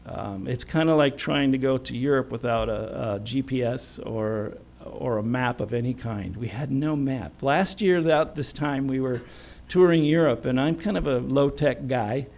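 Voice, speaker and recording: A man's voice: medium pitch, vocal fry, a little mellow. A man preaching a sermon in a chatty, storytelling way with self-deprecating humor.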